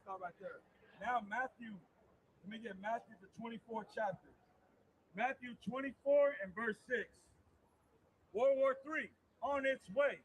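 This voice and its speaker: A man's voice: extremely high pitch, unhurried, a little hiss or hum, poor audio. A man preaching with emphatic, repetitive delivery, calling out directly to his listeners. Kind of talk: street-style preaching on a live podcast.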